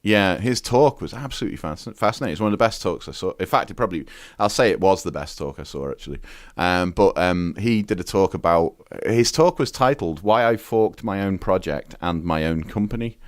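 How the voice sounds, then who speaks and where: A man's voice: sits low, lively intonation, fairly quick, no echo, clean studio sound. A man from the UK chatting as a podcast guest, telling rambling stories full of fillers and restarts. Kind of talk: casual chat.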